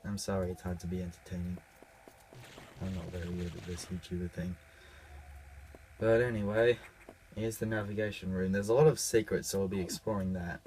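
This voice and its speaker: Sick guy coughing through a let's play, lowish voice, kinda self-deprecating. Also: fairly even intonation, a little fast, long pauses, a little mellow, slight background noise. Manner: self-deprecating, apologetic asides. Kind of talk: casual gameplay commentary.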